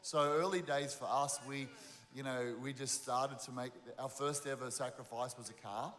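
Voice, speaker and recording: A man's voice: mid-range voice, steady tone, normal speed, fairly bright tone. A man with an Australian accent, a pastor speaking earnestly in a conversational interview and often restarting his sentences. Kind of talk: interview about giving. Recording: long reverb of a large hall.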